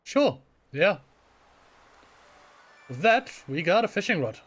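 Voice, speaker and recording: A male gaming channel host with a high, sing-song, slightly bright and husky voice speaks slowly. His let's play commentary is casual and chatty with a self-deprecating streak, and he reads game lines aloud.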